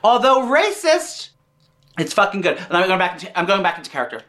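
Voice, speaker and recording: A man's voice: sits high, sing-song, fairly quick, noisy background. Camp, profane man hosting a comedy show. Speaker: host. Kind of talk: comedic cooking chat.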